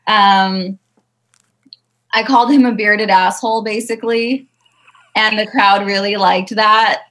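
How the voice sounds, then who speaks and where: A woman's voice: medium pitch, steady tone, measured pace, a bit bright, low-quality recording. Woman comic being interviewed, chatty, lots of ums, pokes fun at herself. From Southern California. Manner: self-deprecating, chatty with fillers. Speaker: stand-up comedian guest. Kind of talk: casual interview answers.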